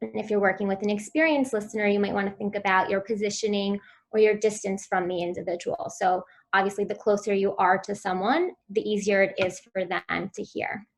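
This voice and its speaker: A woman presents at a virtual conference, walking listeners through techniques step by step. Her delivery is clear and instructive, and her pitch sits in the middle range for a woman. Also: fairly even intonation, brisk. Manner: clear instructive delivery, models sounds for children. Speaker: speech therapy presenter.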